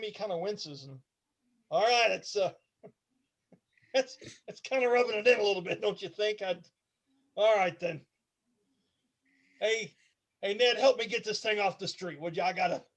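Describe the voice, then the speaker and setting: A man narrating a tabletop game as game master, casual and rambling, often laughing. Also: high-pitched.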